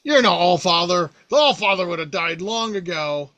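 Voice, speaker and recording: A man's voice: high voice, expressive, normal speed, pushed and bright, voice pushed up. A man voicing a megalomaniac male mouse overlord who makes grandiose, commanding proclamations. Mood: dismissive.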